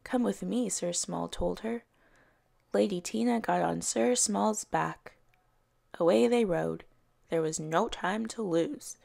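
Woman educator, children's story time reader: slow, gravelly, expressive. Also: on the low side. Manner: slow, expressive read-aloud with soft character voices. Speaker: early years educator.

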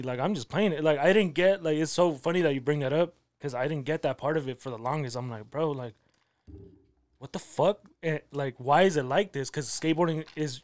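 A man hosting a casual podcast, laid-back and slangy with many filler words. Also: a little high. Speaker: podcast host.

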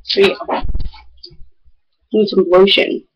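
A teenage girl chatting casually to her vlog viewers, rambling excitedly through a story with big jumps in pitch. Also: very slow, a little hiss or hum, poor audio. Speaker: vlogger.

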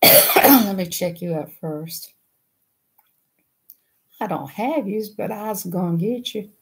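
A woman's voice: mid-range voice, expressive, takes it slowly, slightly rough. Folksy woman chatting on a livestream. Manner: folksy, chatty, laughs easily. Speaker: livestream host. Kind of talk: casual livestream chat.

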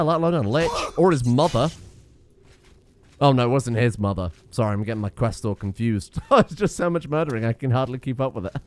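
Sweary gamer, lively voice. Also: male voice, mid-range voice, slight background noise. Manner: sweary, joking and animated. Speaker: let's play gamer. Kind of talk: casual gameplay commentary.

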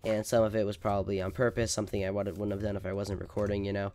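A man's voice: on the low side, level tone, racing, mellow. A man hosting casual gameplay commentary, melodramatic and overreacting, stammering, sometimes leaning away from his desk microphone. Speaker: gaming video host.

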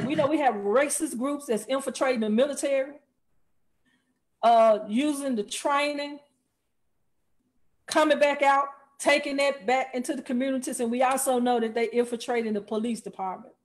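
A woman's voice: high-pitched, normal speed. A woman hosting a panel discussion. She encourages the guests and keeps the conversation moving.

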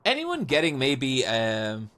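A man's voice: medium pitch, wildly swooping pitch, takes it slowly, fairly bright tone. A man in his thirties hosting a podcast in casual chat, rambling, self-mocking and swearing freely. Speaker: podcast host. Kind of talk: casual chat playing a game.

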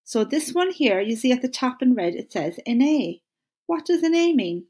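An Irish woman with a fairly high voice teaching a lesson to young pupils. She speaks in an encouraging way and says each phrase slowly so the children can repeat it after her. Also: big pitch swings, warm tone, breathy edge. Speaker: primary school teacher. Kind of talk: recorded classroom lesson.

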